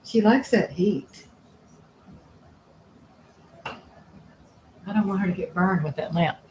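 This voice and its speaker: A woman's voice: medium pitch, slow, a little mellow, low-quality recording. Woman rambling on her livestream while she works, laughs a lot, restarts her sentences, bit of faint hiss. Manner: rambling, chatty, laughs often, trails off and restarts. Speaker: livestream host. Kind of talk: casual live chat while working.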